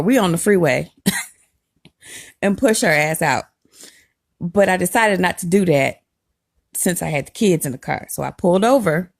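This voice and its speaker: Brief: low, gravelly woman, lively emphatic storytime delivery. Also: no echo, studio quality. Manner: animated, emphatic, laughs while telling. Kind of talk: casual storytime vlog.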